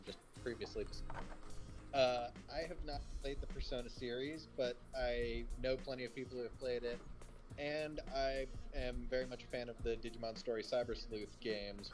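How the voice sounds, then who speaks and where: A man chatting on a gaming stream through his phone, tossing off dry, sarcastic remarks. His voice sits at a middle pitch for a man, with faint music in the background. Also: low-quality recording. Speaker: stream co-host. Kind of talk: casual chat over gameplay. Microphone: phone over voice chat.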